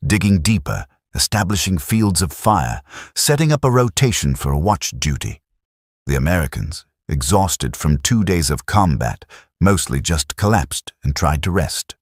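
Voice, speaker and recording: A man narrating a war story in a steady, measured, scripted style. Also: a bass voice, husky, dry recording, clean studio sound.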